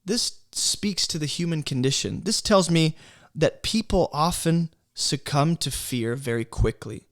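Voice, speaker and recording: A man with a somewhat high speaking voice leads a relaxed Bible study workshop. He talks in a conversational way, stresses his points, and keeps checking in with his listeners as he goes. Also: unhurried, no echo, studio quality. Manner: conversational, emphatic, often checks in with "right?". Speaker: Bible teacher.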